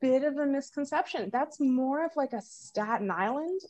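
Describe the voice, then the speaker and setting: A woman's voice: sits high, lively intonation, moderate pace, dark tone. A woman in her thirties from New York and New Jersey, a podcast guest telling friendly, wry stories. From New York City and rural New Jersey. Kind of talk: casual interview chat.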